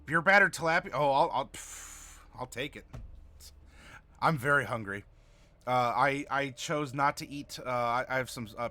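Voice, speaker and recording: A man's voice: mid-range voice, bright, forceful tone. A man hosting a livestream as game master, chatting casually and reading viewer messages aloud. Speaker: game master and stream host.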